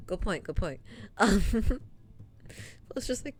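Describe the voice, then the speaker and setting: A young woman streaming, telling a work story in casual chat, laughing often and filling pauses with ums. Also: medium pitch, animated. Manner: chatty, laughs often, many ums and trailing asides.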